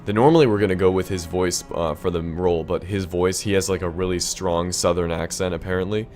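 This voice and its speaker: Low-voiced, chatty man commentating a game. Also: fairly even intonation, fairly quick, darkish tone, faint music behind. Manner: chatty, joking, rambling. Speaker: gaming YouTuber. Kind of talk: casual gameplay commentary.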